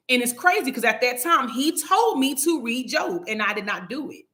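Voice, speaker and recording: Woman in her 30s talking through her faith story, bright high-ish voice, chatty and emphatic. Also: animated, moderate pace, few pauses. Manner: emphatic, conversational, asks rhetorical questions. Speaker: Bible study host. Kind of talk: casual spoken testimony.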